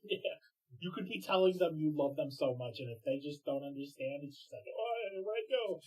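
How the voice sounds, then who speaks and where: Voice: medium pitch, fairly quick, dark tone, slightly rough, poor audio. A guest joking relaxedly in casual chat.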